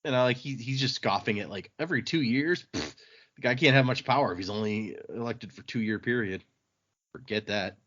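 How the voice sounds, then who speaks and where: Rambling podcast host recapping a book. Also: male voice, mid-range voice, brisk, a bit bright, dull audio. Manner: rambling, with fillers and laughs, acting out quotes.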